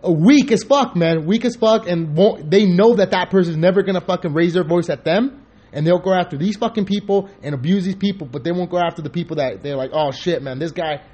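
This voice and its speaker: A man hosting a podcast in casual chat, rambling and profane, telling animated stories. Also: high-pitched, a little fast. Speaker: podcast host.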